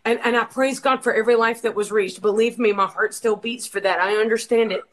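A woman's voice: on the high side, fairly even intonation, brisk, rough recording. A woman from Georgia, giving a passionate, preacher-like testimony about her ministry in an interview. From Georgia, USA. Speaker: worship leader and ministry co-founder.

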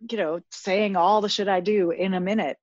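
A woman's voice: medium pitch, steady tone, normal speed, a little mellow, no echo, highs cut off. A woman coach talking as a podcast guest, earnest and reflective, often restarting her sentences. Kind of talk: casual interview chat.

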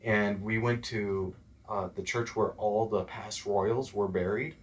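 Guest spot: young man from Texas, lowish voice, lively storyteller who does the voices in his anecdotes. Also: unhurried. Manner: animated storyteller, acts out quoted voices. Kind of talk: casual interview chat.

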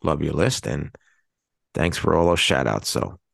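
Deep, gravelly man co-hosting a podcast. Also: animated, measured pace, fairly bright tone, no room sound, studio quality. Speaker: podcast co-host. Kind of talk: casual chat, reading listener emails.

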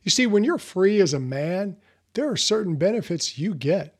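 A man's voice: high voice, very animated, normal speed, a little mellow, breathy edge. A man hosting a motivational podcast, talking earnestly in a conversational way. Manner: earnest, conversational, with fillers and restarts. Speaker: podcast host.

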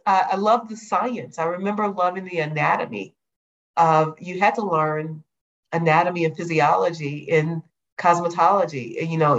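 A middle-aged woman from Chicago, a guest telling her life story in a lively, animated way. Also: fairly low pitch. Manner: lively, animated retelling with acted quotes. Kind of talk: storytelling interview. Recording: dull lo-fi sound.

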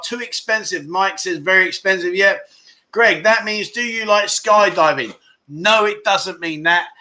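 Bright-voiced joking man hosting. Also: high voice. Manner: joking, teasing, reading out viewer comments. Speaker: livestream host. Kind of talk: casual livestream chat.

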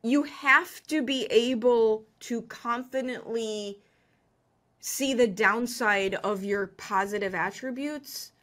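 Middle-aged woman guest, brisk and laughing, high bright voice, candid. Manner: animated, laughing, self-deprecating. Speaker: guest, business coach. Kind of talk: conversational podcast interview.

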